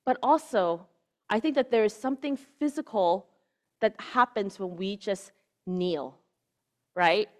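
A woman giving a conversational sermon. She keeps checking in with "right?" and drops to a hushed voice on key words. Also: medium pitch, a little slow, long pauses. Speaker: preacher.

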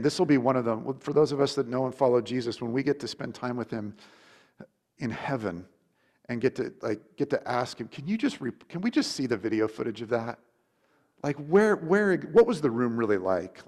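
A man giving a sermon in an easy, talky way, as if chatting with friends. He trips over his words, restarts often and leans on "like". He slips into quoted questions with shifting voices, at a middle pitch. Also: darkish tone. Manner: casual, rambling, many restarts and "like". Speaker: preacher. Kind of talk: conversational sermon.

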